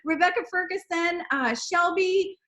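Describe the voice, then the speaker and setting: A woman leads a team sales call over video. Her high voice is gushing and encouraging, full of praise for her team. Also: measured pace, fairly bright tone.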